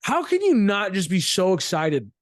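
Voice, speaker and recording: An excitable young man chats about sports on a podcast, jumping from point to point and ribbing his co-host. His voice sits high for a man, and the sound is close and dry with no room behind it. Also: moderate pace, no echo. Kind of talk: casual sports chat.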